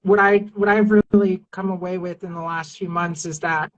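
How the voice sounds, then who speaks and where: A woman's voice: on the low side, fairly even intonation, normal speed, fairly bright tone, dull audio. A woman civil rights attorney as a podcast guest, talking earnestly and reassuringly with many fillers and restarts. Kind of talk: casual interview talk.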